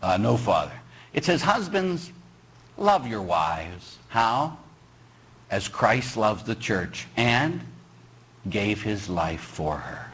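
Husky, bright-voiced priest preaching. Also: male voice, fairly low pitch, slow pace, rough recording. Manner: storytelling with animated quoted voices and sudden shouts. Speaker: Catholic priest. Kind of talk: sermon.

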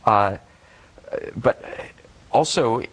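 A middle-aged man, a poet and former teacher, speaking in a thoughtful, measured way in an interview. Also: medium pitch, fairly bright tone, husky, low-quality recording. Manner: thoughtful, measured, enthusiastic about verse. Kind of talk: interview conversation.

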